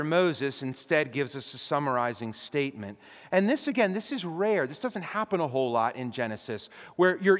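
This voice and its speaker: A male pastor preaching a sermon, impassioned, swinging between loud urgency and hushed storytelling in a church sanctuary. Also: high-pitched. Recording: long reverb of a large hall.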